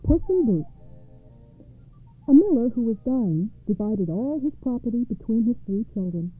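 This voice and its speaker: A woman's voice: fairly high pitch, very animated, normal speed, slightly rough, no room sound, faint music behind. Woman reading fairy tales over tinny audio. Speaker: storyteller.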